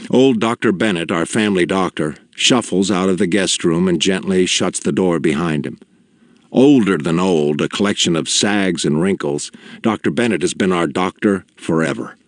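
A man reads a novel aloud in a measured, deliberate way, letting each line land with quiet gravity. His voice sits very low and full, and the recording is close and dry with no room sound. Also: dry recording. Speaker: audiobook narrator. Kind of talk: scripted narration.

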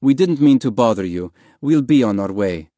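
A tired, proud father of a family turns down help in a firm, polite voice, a touch louder than the narration, as a male narrator plays him. His tone stays close to the reader's own. It is recorded dry and close. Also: medium pitch, lively intonation, normal speed, dry recording, lightly acted. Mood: apologetic.

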